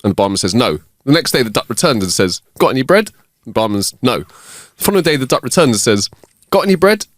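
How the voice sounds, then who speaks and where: A man co-hosting a podcast, telling jokes in a lively way with laughter in between. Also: on the low side, fast, hardly any pauses, no echo, clean studio sound. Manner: lively joke-telling with laughter, voices characters. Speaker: podcast co-host. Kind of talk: casual chat, telling jokes.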